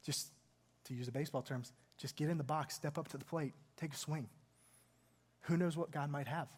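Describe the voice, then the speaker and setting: A man's voice: on the high side, steady tone, normal speed, breathy edge. A male pastor preaching a sermon, retelling a scripture story in an earnest, emphatic way.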